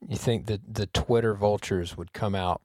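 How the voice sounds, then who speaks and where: A man's voice: on the low side, fairly even intonation, moderate pace, darkish tone, a little hiss or hum. A man hosting a casual podcast chat, wry and joking, a bit rambling. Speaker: podcast host.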